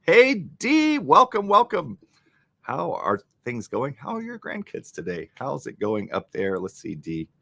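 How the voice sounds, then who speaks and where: Lively bright-voiced male streamer. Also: medium pitch, measured pace, creaky, no echo. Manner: animated, joking, thanking viewers. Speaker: livestream host. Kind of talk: casual live-stream chat. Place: home in Rochester, New York.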